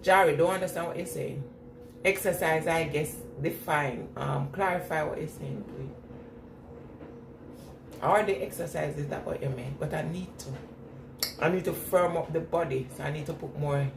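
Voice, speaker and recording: Her voice is deep and her speed normal, picked up from a distant mic in an echoey room with noticeable background noise and ambience. She's a vlogger with a non-standard English accent, casually answering live chat while washing her hair, laughing a lot and saying things twice.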